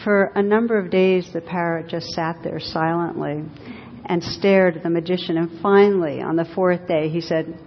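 A woman teacher gives a dharma talk, telling stories in a gentle way with light laughter. Her voice sits on the low side. The sound has a long echo from a hall, with a faint rumble underneath. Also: fairly even intonation, normal speed. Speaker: meditation teacher. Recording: dull lo-fi recording in an echoey hall with faint rumble.

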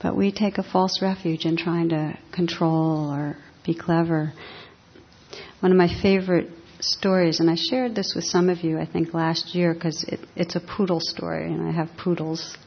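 Calm woman teacher, breathy lowish voice, reflective dharma talk, kinda muffled recording. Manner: calm, reflective, unhurried storytelling. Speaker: meditation teacher.

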